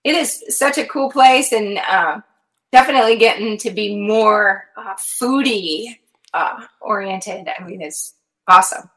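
A woman's voice: medium pitch, unhurried, a bit bright, rough recording. A woman with a Midwestern accent, a fishing show host chatting casually, with lots of fillers. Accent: Midwestern American. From Nebraska. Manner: friendly, with frequent fillers and laughter. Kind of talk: casual chat.

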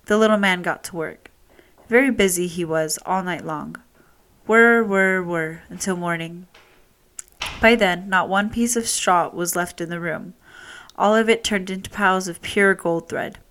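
A woman storyteller reading a fairy tale aloud with steady, expressive delivery. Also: on the low side, a little slow.

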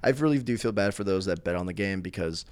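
Low, dry-voiced rambling young man. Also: animated, fast, clear, resonant tone, no echo. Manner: rambling, many restarts and filler words. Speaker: podcast co-host. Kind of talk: casual chat.

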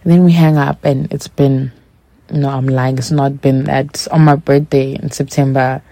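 Low-voiced woman chatting candidly. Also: little pitch movement, normal speed, creaky, mellow, dry recording. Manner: candid, chatty, acts out quoted dialogue; addresses listeners directly. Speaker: podcast host. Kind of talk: casual storytelling monologue.

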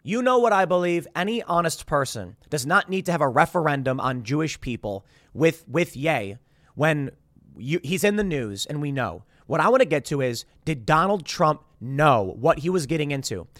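Rambling man with a higher, dry voice. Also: animated, normal speed, a bit bright, no room sound. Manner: rambling, frequent restarts. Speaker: podcast host. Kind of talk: casual commentary.

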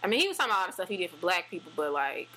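A woman chatting casually, animated and full of fillers and restarts. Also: on the low side, rapid-fire, low-quality recording. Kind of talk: casual chat.

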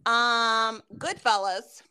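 A woman's voice: on the high side, very slow, clean tone. A woman co-hosting a casual podcast chat, swearing freely and acting out what friends said. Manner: swears a lot, quotes friends in animated retellings. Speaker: podcast co-host.

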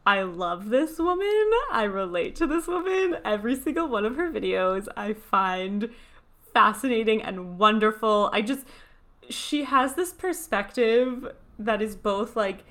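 A woman from New York hosting a podcast in casual chat, talking in an animated way with lots of "like" asides. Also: fairly high pitch, measured pace. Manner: chatty, animated, full of "like" asides. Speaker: podcast host.

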